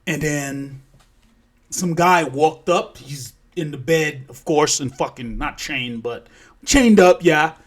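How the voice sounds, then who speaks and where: A man recounts a story in a loose, unscripted way, swearing freely. He wanders and corrects himself as he goes, in a voice pitched somewhat high for a man. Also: expressive, slow. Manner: profane, rambling, self-correcting. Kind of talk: casual spoken storytelling.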